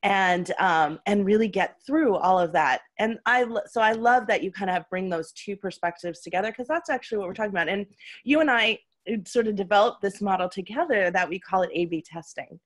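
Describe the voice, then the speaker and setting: Woman host, a bit hoarse, enthusiastic and laughing, casual chat. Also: medium pitch, animated, brisk. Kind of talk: casual conversation.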